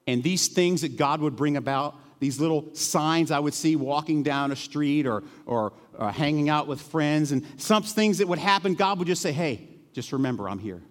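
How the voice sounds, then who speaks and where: A middle-aged male pastor preaching a sermon in a church, earnest and emotional, dropping to hushed tones and then rising to emphatic peaks. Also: a little high, animated, normal speed, few pauses, in a large hall. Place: church sanctuary.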